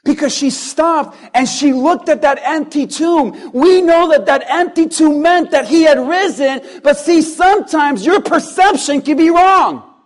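A male pastor preaching a sermon, firing off strings of rhetorical questions and pausing for effect, moving between hushed and loud lines. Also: very high voice.

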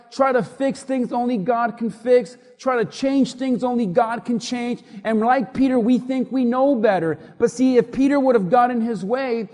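This pastor has a very high, darkish-toned voice and preaches with emphatic repetition, having the congregation echo his words back. A large hall wraps everything in long reverb.

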